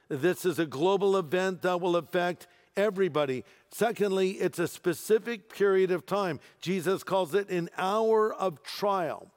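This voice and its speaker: A man preaches a sermon, his voice sitting a little higher than most men's. He drives home his points with emphasis and drops in dry jokes along the way. Everything echoes with the long reverb of a large hall. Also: unhurried, darkish tone. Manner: emphatic preaching with humorous asides. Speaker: pastor.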